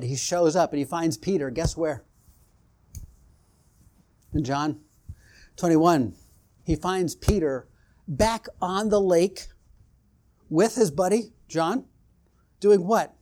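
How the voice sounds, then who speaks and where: A man's voice: fairly high pitch, a little mellow. A man preaching a sermon, retelling scripture stories and acting out the quoted exchanges, building in intensity as he goes.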